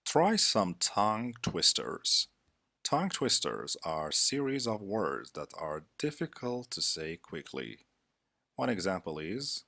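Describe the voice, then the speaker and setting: A man narrating a scripted English lesson as a teacher, with a measured, deliberate instructional delivery. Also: sits low, sing-song, gravelly, sharp tone, no echo.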